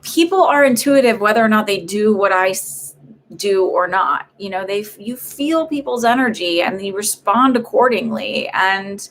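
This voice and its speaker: A woman's voice: mid-range voice, lively intonation, normal speed, slight background noise. A woman giving live psychic readings on a stream, talking in a rambling, chatty way with lots of fillers and restarts. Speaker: psychic medium doing paid readings.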